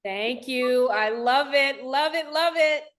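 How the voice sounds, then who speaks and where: An American woman from the Los Angeles area, speaking in an interview with animated, emotional talk and frequent restarts. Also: high-pitched, takes it slowly. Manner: animated, laughing, restarts often. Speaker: guest dancer and director.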